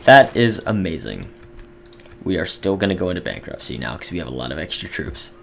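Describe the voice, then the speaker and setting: A young man giving casual, excitable commentary over a strategy game, reading game events aloud. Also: deep voice, a little fast, creaky. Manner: chatty, excitable, reads in-game text aloud. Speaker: gaming video host. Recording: faint music behind.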